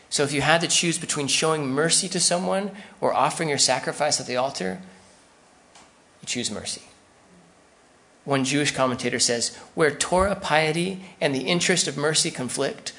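Man, pastor, sermon, gravelly voice, conversational preaching. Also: mid-range voice, fairly bright tone.

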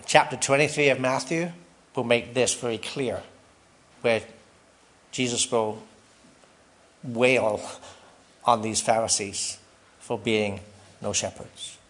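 A man's voice: medium pitch, fairly even intonation, takes it slowly, long pauses, fairly bright tone. Conversational male preacher. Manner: conversational, asks the congregation questions and adds "right?". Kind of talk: sermon.

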